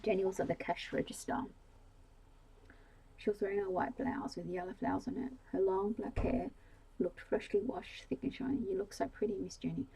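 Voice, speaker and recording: A woman reading a bedtime story in a soft ASMR whisper, sometimes slipping into a low voice. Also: normal speed, vocal fry, slightly rough, poor audio.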